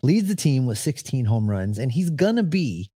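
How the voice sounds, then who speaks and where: Mellow-voiced man, dry sarcastic takes. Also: mid-range voice, sing-song, normal speed, breathy edge, no room sound. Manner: opinionated, dry sarcasm, emphatic. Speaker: sports podcast co-host. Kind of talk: casual sports talk.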